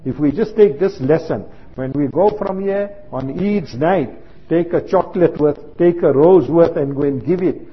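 A man's voice: fairly high pitch, moderate pace, slightly rough. A man preaching a sermon, telling anecdotes and acting out the dialogue. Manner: storytelling, acts out quoted dialogue. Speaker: Islamic preacher. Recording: muffled lo-fi recording.

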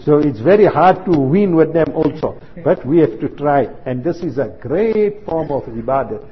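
A man's voice: on the high side, animated, moderate pace, slightly rough. A man preaching a sermon, telling anecdotes and acting out the dialogue. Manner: storytelling, acts out quoted dialogue. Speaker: Islamic preacher. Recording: muffled lo-fi recording.

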